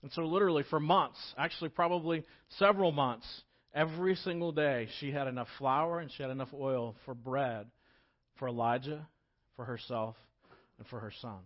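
A man preaching a casual storytelling sermon as pastor, talking conversationally and swinging between loud emphasis and hushed moments. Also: mid-range voice, moderate pace, lo-fi sound.

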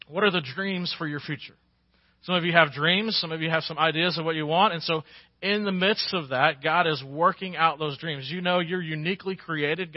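High-pitched preacher guy, folksy sermon, dry close mic, bit muffled. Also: no echo. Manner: folksy, builds to emphatic peaks. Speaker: pastor.

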